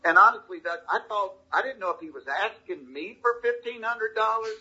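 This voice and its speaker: Husky bright-voiced Southern man telling stories. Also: sits high, highs cut off. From Georgia, US. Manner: animated, folksy anecdotes with quick restarts. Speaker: comedian guest. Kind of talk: casual interview storytelling.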